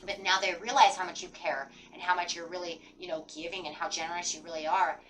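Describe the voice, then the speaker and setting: A woman's voice: on the low side, fairly even intonation, quick pace, a bit bright, recorded from a distance, slight background noise, rough recording. A woman giving a casual tarot reading, rambling and full of fillers like "kind of" and "like". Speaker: tarot reader.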